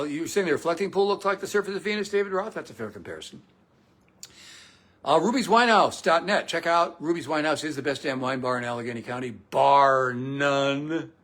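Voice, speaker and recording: A man's voice: fairly high pitch, brisk, a bit bright. A man hosting a comedic political talk show, sarcastic and profane. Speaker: political commentator and show host.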